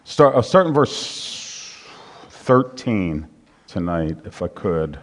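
A male pastor leading an evening Bible study and prayer, speaking in a measured preaching manner with frequent pauses. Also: low-pitched, sing-song.

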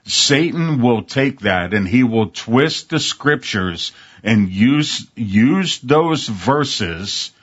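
A man's voice: medium pitch, lively intonation, extremely slow. A man preaching a sermon in an earnest, emphatic way, reading scripture aloud. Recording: dull lo-fi sermon recording.

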